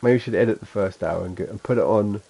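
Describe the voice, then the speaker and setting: Low, mellow Suffolk man streaming. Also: fast talker, gravelly, slightly rough, dull audio. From England. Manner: rambling, self-mocking, chuckles to himself. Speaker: game streamer. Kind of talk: casual gameplay chat.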